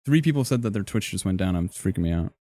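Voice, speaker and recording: A man's voice: low-pitched, lively intonation, fast, warm tone, no echo, clean studio sound. A young man streaming live, chatting casually and joking as he reacts to his chat in a rambling way.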